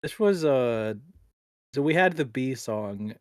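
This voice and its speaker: Male podcast host: halting, filler-heavy delivery, easy chuckle, dry close-mic sound. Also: medium pitch, expressive, no room sound. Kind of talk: casual podcast interview.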